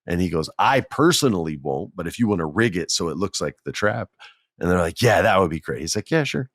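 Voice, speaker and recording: A man hosting a podcast, telling a story in a casual, animated, jokey way and acting out the people he quotes. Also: sits low, brisk, no room sound, clean studio sound. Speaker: podcast host. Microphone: podcast mic, on video.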